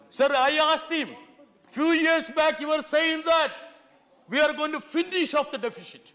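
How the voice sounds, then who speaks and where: Middle-aged man, very high voice, insistent parliamentary speech in a big reverberant chamber. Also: fairly bright tone. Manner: insistent, repeatedly pleading "sir". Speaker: member of parliament. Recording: long hall reverb in a large chamber.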